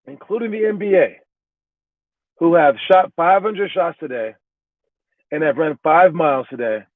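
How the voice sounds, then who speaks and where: A man's voice: fairly high pitch, dry recording. Pep-talking man on a tinny line. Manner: rambling, repeats and restarts words, pep-talk tone. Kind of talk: casual motivational talk. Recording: tinny phone-like sound, dry.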